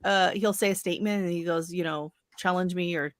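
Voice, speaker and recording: A woman's voice: lowish voice, steady tone, fairly quick, dry recording, clean studio sound. A woman co-hosting a live stream in casual, rambling chat, laughing often. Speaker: livestream co-host.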